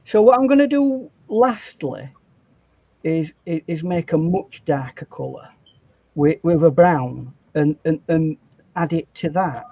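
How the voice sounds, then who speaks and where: A man's voice: on the high side, expressive, unhurried, no room sound, muffled recording. A man teaching a painting demonstration over a video call, instructive and stammering as he starts sentences. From England. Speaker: art instructor.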